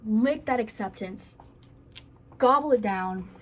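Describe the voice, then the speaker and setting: A woman's voice: a little high, slow pace, a little hiss or hum. Woman rambling earnest self-help advice. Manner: rambling, earnest, with playful asides. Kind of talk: casual advice monologue.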